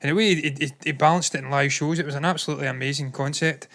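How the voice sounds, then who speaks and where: Emphatic man with a higher voice. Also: steady tone, very fast, a bit bright. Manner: opinionated, emphatic, jokey. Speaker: co-host. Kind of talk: casual movie news chat.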